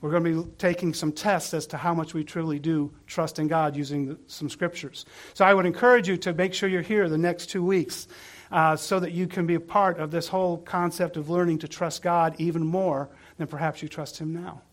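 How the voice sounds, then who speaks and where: A pastor preaching a sermon, earnest and asking the congregation questions. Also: male voice, fairly high pitch, steady tone, fairly quick.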